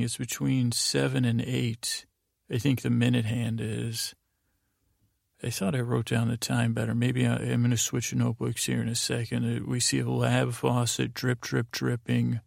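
A man with a very gravelly, fry-laden voice, talking in a flat, level tone. He recaps scenes in a slow, wandering ramble full of restarts. The sound is close and completely dry. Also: mid-range voice, dry recording. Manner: meandering, monotone, full of fillers and restarts. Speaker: podcast host.

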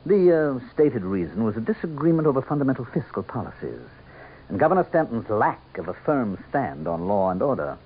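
An actor playing a sly, sardonic male campaign manager who speaks with smooth, mocking politeness in a 1970s radio drama. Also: medium pitch, very animated, brisk, slight background noise, natural voice. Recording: thin, tinny old radio broadcast.

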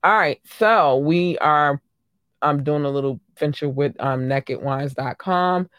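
A woman's voice: sits low, takes it slowly, no echo. Chatty, effusive woman podcast host. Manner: effusive, warm shout-outs to listeners, frequent ums; animated, swings into loud excited bursts. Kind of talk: casual solo podcast chat.

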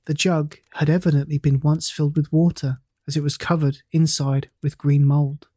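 Mellow, measured storybook narrator. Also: mid-range voice, breathy edge, no room sound, clean studio sound. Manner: measured, even storytelling delivery. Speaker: audiobook narrator. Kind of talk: scripted narration of a classic ghost story.

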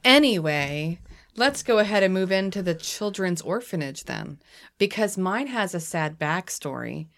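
A woman co-hosting a podcast late in the evening, half asleep but chatty. Her voice sits a little low and sounds dry and close to the mic. She moves from casual talk into reading out a history story. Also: lively intonation, measured pace, fairly bright tone, dry recording. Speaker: podcast co-host. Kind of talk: casual chat and read-out history.

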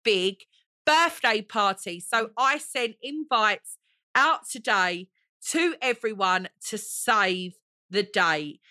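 A woman's voice: medium pitch, animated, takes it slowly, sharp tone, dry recording, studio quality. A woman, hosting a chatty solo podcast in a gushing, theatrical way and calling listeners honey. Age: 40s. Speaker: podcast host.

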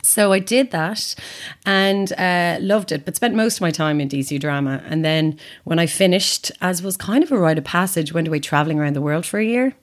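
Woman, Irish accent, thirties, lower pitch, chatty storyteller. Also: fairly quick, few pauses. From Ireland. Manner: chatty storytelling, laughs easily. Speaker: guest. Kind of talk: casual chat.

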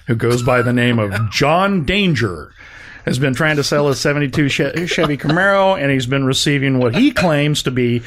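Male car-show co-host, animated, jokey, wide pitch swings. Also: normal speed, a little hiss or hum. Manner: animated, jokey, swings into high excited tones. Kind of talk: casual car news chat.

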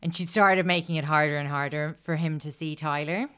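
A woman with a low, smooth voice tells a story to her podcast co-hosts. She chats loosely, swears freely and laughs often. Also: fairly even intonation, fairly quick, a bit bright. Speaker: podcast co-host telling a story. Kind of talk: casual chat.

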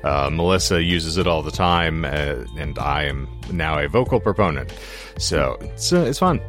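Hoarse man, very low voice, casual podcast co-host, rambling wry storyteller. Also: animated, normal speed, a bit bright, faint music behind. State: hoarse throat after illness.

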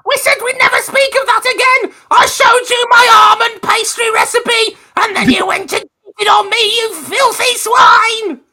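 A man voicing a loud, pompous older village woman who shouts indignantly, improvised in a tabletop role-play. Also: very high voice, fairly even intonation, quick pace, pitched above the performer's own voice, heavily acted. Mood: indignant shouting.

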